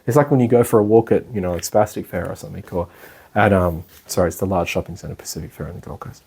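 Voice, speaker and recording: A man's voice: deep voice, fast talker, creaky, mellow. A man giving a casual, rambling meditation class indoors, chatting and laughing as he explains. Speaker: meditation teacher. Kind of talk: casual spoken lecture.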